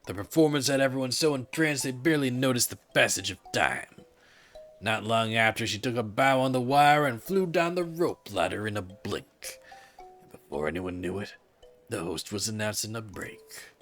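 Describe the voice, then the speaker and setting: A man streaming, reading a story game aloud with expressive storytelling. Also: medium pitch, normal speed, faint music behind.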